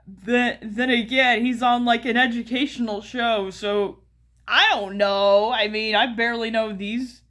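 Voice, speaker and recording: A woman's voice: on the high side, steady tone, unhurried, a bit bright. An American woman giving casual commentary as a YouTuber, rambling with many fillers and restarts, often chuckling. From United States.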